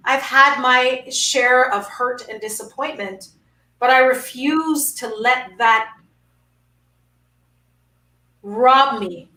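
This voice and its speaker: A bright, high-voiced woman speaks as a guest in an inspirational conversation, building her points through rhythmic, emphatic repetition. Her audio sounds roomy and a little distant from the mic. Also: slow. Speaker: guest, founder of a women's network.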